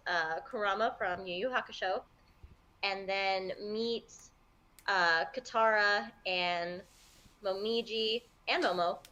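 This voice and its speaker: Bright-voiced chatty woman. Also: medium pitch. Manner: chatty, with fillers and hedges. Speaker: podcast panelist. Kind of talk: casual chat.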